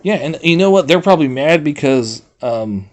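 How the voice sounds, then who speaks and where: A man's voice: on the high side, normal speed. A man streaming and chatting casually with his viewers, rambling, reading a website aloud and breaking into swearing outbursts. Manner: rambling, reads website aloud, talks to chat; swears freely, animated outbursts. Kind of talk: casual livestream chat.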